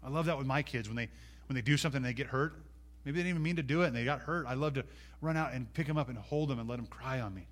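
A man preaching from the pulpit in a mid-pitched voice. He swings from loud, emphatic bursts to hushed, intimate asides. He voices the biblical speakers in first person as he goes. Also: racing. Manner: animated, swinging between loud emphatic peaks and quiet asides. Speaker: pastor. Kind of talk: sermon.

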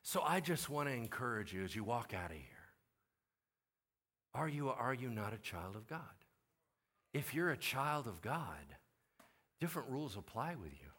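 A man preaching a sermon as pastor, animated and acting out biblical characters in casual slang. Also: medium pitch, normal speed, long pauses, breathy edge.

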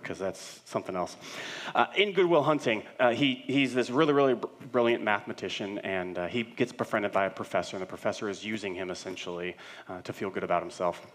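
A middle-aged male pastor preaching a sermon with earnest, building repetition, swinging between loud and hushed passages. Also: lowish voice. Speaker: senior pastor.

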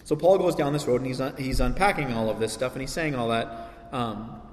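A male pastor preaching a sermon, animated, acting out quoted voices with sarcasm. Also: medium pitch, fairly quick, slight background noise. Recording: echoey hall reverb.

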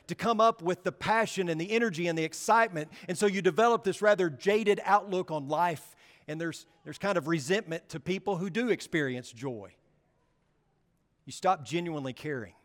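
A man preaching a sermon in a church, earnest, slowing down for emphasis and dropping quiet on key words. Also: a little high. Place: church sanctuary. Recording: long hall reverb.

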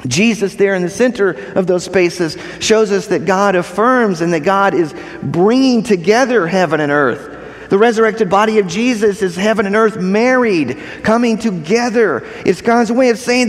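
Emphatic and repetitive, a male pastor drives home key phrases in his sermon and questions the congregation along the way. His voice sits high at a moderate pace, and long hall reverb surrounds the recording.

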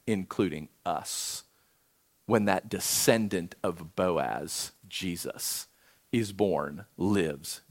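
A man preaching a sermon, animated, swinging between loud emphasis and hushed urging. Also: low voice. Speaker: pastor.

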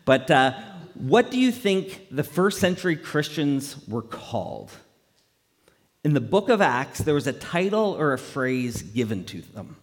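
Guy preaching a sermon, lively and chatty, does little voices for quotes, big echoey church sound. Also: on the high side. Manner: animated, conversational preaching with acted-out quotes. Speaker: pastor. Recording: long hall reverb.

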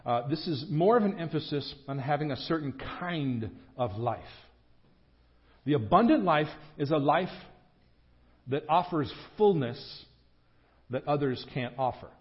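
A man's voice: fairly high pitch, expressive, a little slow, muffled recording. A man preaching a sermon in a church, earnest and emphatic. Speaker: pastor. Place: church sanctuary.

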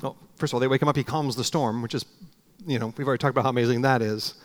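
A man's voice: steady tone, rapid-fire. A middle-aged man preaching a sermon, dramatically acting out prayers and dialogue. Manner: dramatic, acts out prayers and dialogue with swings in pitch and volume. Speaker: pastor.

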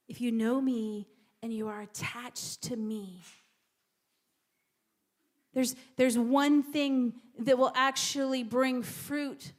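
A woman's voice: a little high, steady tone, takes it slowly. A woman preacher giving a sermon in a church, repeating words and dropping to whispers for emphasis.

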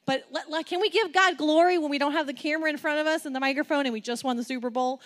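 A woman with a fairly high voice preaches a sermon. She is animated and playful, keeps putting questions to the audience, and acts out quotes with sudden leaps in pitch and loudness. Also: fast talker. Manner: asks the audience many questions.

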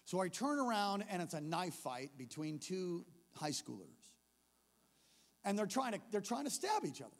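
Animated high-voiced preacher in a reverberant church. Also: male voice, moderate pace. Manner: animated, building from hushed to shouting. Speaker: pastor. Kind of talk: storytelling sermon. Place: church service.

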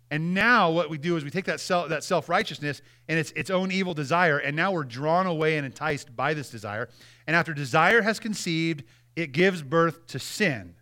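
A man's voice: a little high, normal speed, sharp tone. A male pastor giving a conversational sermon and acting out quotes as he preaches.

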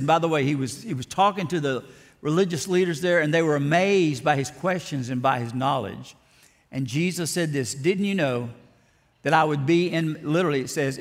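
A man's voice: fairly high pitch, fairly bright tone. Man preaching in a reverberant hall. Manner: dramatic emphatic preaching, repeats words. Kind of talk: sermon. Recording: long reverb of a large hall.

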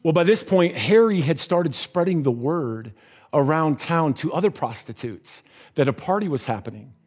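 A man preaching by telling a story, animated and giving voices to the characters in it. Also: on the high side, moderate pace. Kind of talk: sermon storytelling.

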